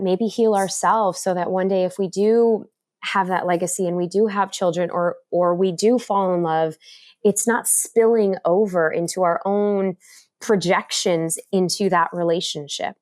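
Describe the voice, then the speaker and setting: Animated middle-aged woman guest. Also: unhurried. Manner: animated, acts out inner voices in a higher pitch. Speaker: podcast guest, resilience author. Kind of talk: conversational interview.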